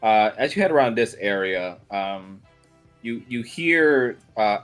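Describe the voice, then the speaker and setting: A man running a tabletop game as game master, narrating loosely with frequent pauses. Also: on the low side, animated, faint music behind. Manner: loose, halting narration with fillers.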